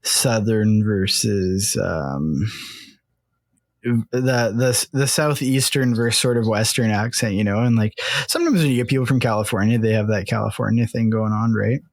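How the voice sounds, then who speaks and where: Relaxed Canadian man with dry sound. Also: on the low side, normal speed, no room sound. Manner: relaxed, rambling, thinks aloud with fillers. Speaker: podcast co-host. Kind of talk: casual chat.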